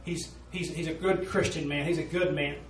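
Folksy preacher in an echoey room. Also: male voice, on the high side, fairly even intonation, moderate pace, slight background noise. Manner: folksy, earnest storytelling with rising fervor. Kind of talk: sermon. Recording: roomy echo, voice from a distance.

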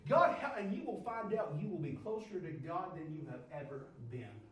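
A man preaching a sermon, moving from loud pleading prayer down to low, quiet speech. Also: very animated, normal speed, heavy reverb, far from the mic, a little hiss or hum, low-quality recording.

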